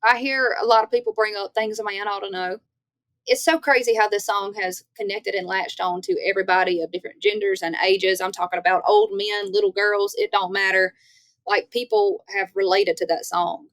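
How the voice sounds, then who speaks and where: Young Louisiana woman with a Southern drawl, a chatty guest voice, mid pitch. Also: fairly quick, dry recording. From Northeast Louisiana. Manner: lively, chatty storyteller. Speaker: guest, country singer. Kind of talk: casual interview chat.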